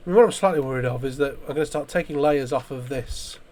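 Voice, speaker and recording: A man's voice: medium pitch, quick pace, darkish tone. A man hosting a let's play, giving casual gameplay commentary while thinking aloud and often correcting himself mid-sentence.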